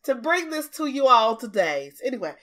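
A woman's voice: a little high, very animated, moderate pace, fairly bright tone. Stuffy-nosed Southern woman, bubbly chat. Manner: bubbly, playful and chatty. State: stuffy, congested nose. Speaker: gaming YouTuber. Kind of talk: casual chat over a build video.

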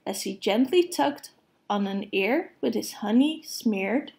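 A woman reading a children's storybook aloud in a gentle, unhurried way. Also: medium pitch, expressive, gravelly.

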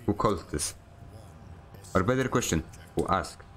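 A man with a lowish voice chats while he plays a game on stream. He rambles, pokes fun at himself and keeps stumbling into restarts mid-sentence. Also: expressive, normal speed, a bit bright. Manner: joking, self-mocking. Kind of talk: casual chat while gaming.

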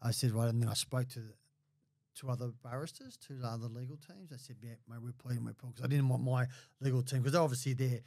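A man's voice: medium pitch, brisk, vocal fry, no room sound. Give me a blunt, sweary Australian man telling stories on a dry, close-miked podcast. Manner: blunt, sweary, animated when quoting others. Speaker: podcast guest. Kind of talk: casual storytelling chat.

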